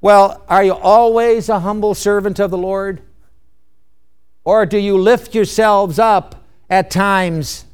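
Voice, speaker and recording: A man preaching a sermon, emphatic and measured, with frequent rhetorical questions. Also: sits high, steady tone, smooth.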